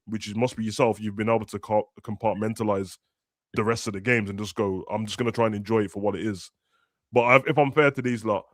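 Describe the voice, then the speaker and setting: A man's voice: mid-range voice, dry recording. A young man, chatting casually and ranting animatedly as a football podcast host. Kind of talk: casual chat.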